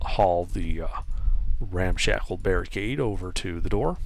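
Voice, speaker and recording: A man's voice: sits low, unhurried, gravelly, slight background noise, poor audio. A man running a tabletop game as game master, narrating casually with fillers. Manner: loose, conversational narration with fillers.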